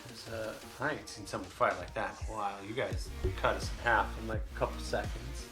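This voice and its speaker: A man's voice: on the low side, fairly even intonation, brisk, close to an everyday voice. A man voicing a nervous male mercenary leader who stammers and placates as he surrenders. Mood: nervous, pleading. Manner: hesitant, placating, full of fillers. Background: music.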